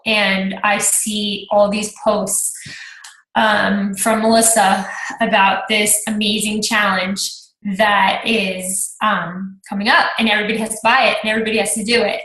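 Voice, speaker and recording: A woman's voice: mid-range voice, sharp tone, echoey room, poor audio. A woman in her thirties telling her own story on a group call, chatty, acting out her own past thoughts. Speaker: team coach sharing her story. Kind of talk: personal testimonial on a group call.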